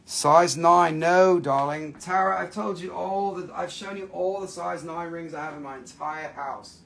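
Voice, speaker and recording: A man's voice: a little high, unhurried, gravelly, fairly bright tone. A man chatting casually on a home livestream while selling gems, rambling, swearing and laughing easily. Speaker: livestream gem seller. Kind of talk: casual live-selling chat.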